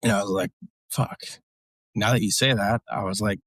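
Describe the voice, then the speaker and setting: A man's voice: on the low side, steady tone, normal speed, fairly bright tone, no echo. A man, a military veteran guest, telling a story casually in a blunt, profane, rambling way with lots of fillers.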